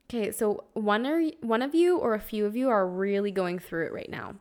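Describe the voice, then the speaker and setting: A woman's voice: mid-range voice, expressive, unhurried, long pauses. A young woman hosting a spiritual podcast in a casual monologue. She speaks earnestly and conversationally, with lots of "like" and the odd swear word, and she is emotional, close to tears. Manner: earnest, conversational, heavy use of "like", occasional swearing. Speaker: podcast host.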